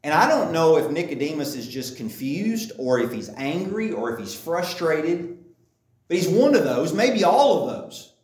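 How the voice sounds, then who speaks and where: A man's voice: fairly high pitch, very animated, moderate pace, darkish tone. A man preaching a sermon in a conversational way, often repeating phrases for emphasis. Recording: echoey room, mic at a distance.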